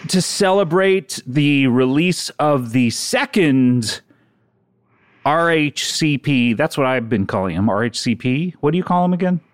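A man's voice: a little high, expressive, measured pace, no room sound. Playful, bouncy-voiced man bantering. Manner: playful, teasing, laughs often. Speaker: podcast co-host. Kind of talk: comedic podcast banter.

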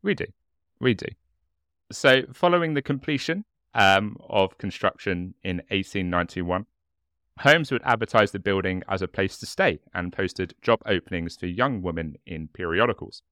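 A man co-hosting a casual true-crime podcast, talking in a relaxed, halting way with lots of fillers. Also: sits low, no room sound, studio quality. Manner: relaxed, hesitant with many fillers, laughs often. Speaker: podcast co-host.

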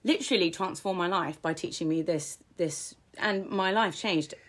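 A woman telling her personal story as an interview guest, frank and self-deprecating, her pace swinging between slow and quick. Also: lowish voice, a bit bright.

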